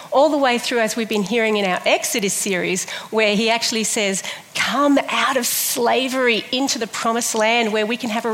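A middle-aged woman giving a sermon, chatty and humorous, telling stories with animated delivery. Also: a little high. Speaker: preacher. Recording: long hall reverb.

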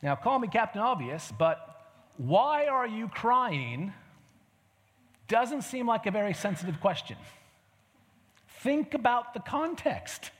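Guy giving a sermon, chatty and animated, high voice that jumps all over, lots of questions to the crowd. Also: measured pace, big-room sound. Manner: conversational, animated storytelling with rhetorical questions. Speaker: preacher.

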